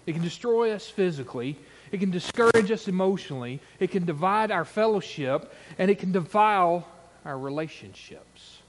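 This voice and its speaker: A man's voice: sits high, animated, normal speed. A middle-aged man preaching a sermon, telling folksy, humorous stories and acting out the quotes in them. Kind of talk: sermon with storytelling.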